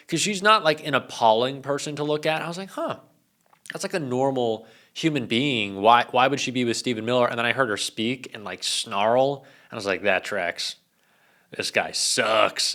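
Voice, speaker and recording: A man doing political commentary at a mid pitch. He reads out news items, then breaks into casual, profane rants. His tone is worn out and exasperated throughout. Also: a bit bright. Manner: reads news excerpts aloud, then riffs.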